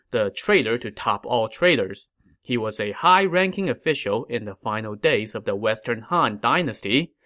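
A man's voice: medium pitch, a bit bright. A man hosting a history podcast, telling the story in a wry, conversational style. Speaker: podcast host.

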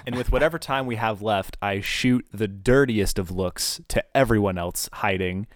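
A man's voice: on the low side, moderate pace, no room sound, studio quality. A man playing a tabletop game, joking and a little dramatic. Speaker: player.

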